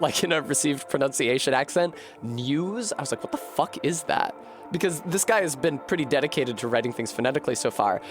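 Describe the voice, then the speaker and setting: A man streaming a game, thinking out loud in a rambling way, swearing freely and running himself down. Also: mid-range voice. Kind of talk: casual live-stream commentary.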